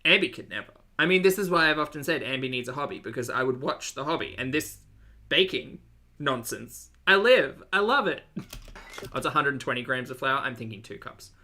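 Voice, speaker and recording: A bright, forward voice with an Australian accent, talking casually to a live chat. The talk rambles through asides and stays keen. The pitch sits in the middle. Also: fast, hardly any pauses. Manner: chatty, rambling asides, enthusiastic. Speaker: reaction streamer.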